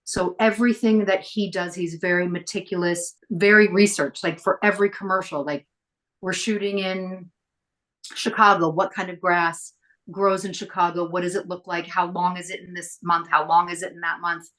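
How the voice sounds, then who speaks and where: A middle-aged woman telling stories as a podcast guest, chatty and lively as she acts out the people she quotes. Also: fairly low pitch, normal speed. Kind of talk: casual storytelling interview.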